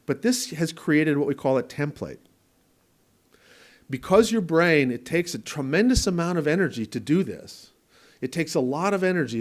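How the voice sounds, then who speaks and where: A man lecturing to an audience with a slightly higher voice than most men. He explains things conversationally through everyday examples and small asides. He repeats key words for emphasis. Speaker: presenter at a training event. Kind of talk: conference lecture. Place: presentation room with an audience.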